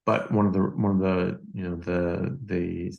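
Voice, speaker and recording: Deep gravelly man telling stories. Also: a little slow, lo-fi sound. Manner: animated, repeats words, many fillers. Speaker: doctor guest. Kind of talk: casual podcast storytelling.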